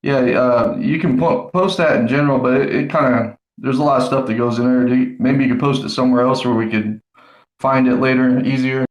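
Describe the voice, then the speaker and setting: A man's voice: mid-range voice, fairly even intonation, brisk. A man speaking in a casual group voice chat, hesitant, with many restarts and fillers. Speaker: chat participant. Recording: roomy echo.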